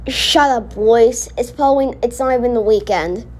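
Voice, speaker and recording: Brief: high-pitched woman, reaction host, indignant rambling rants aimed at the screen. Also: moderate pace, darkish tone. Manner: indignant, rambling, talks back at the cartoon. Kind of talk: casual reaction commentary.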